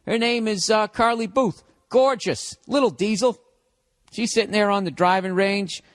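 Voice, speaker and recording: A man's voice: sits high, moderate pace, no room sound, clean studio sound. A middle-aged man with a Boston accent ranting solo on his podcast, profane and sarcastic, asking and answering his own questions. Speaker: podcast host. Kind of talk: solo comedic rant.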